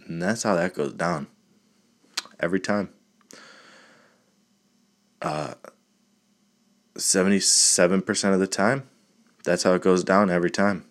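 A man's voice: deep voice, a little slow, pauses often. A man hosting a solo podcast, talking casually with crude jokes and frequent laughs. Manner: crude, joking, laughs often. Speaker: podcast host.

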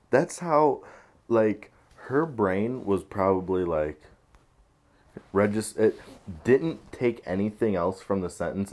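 Male podcast host, deep voice, unhurried and rambling, swears a lot, sounds tired. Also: darkish tone. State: low energy, uncaffeinated. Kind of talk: casual solo podcast rant.

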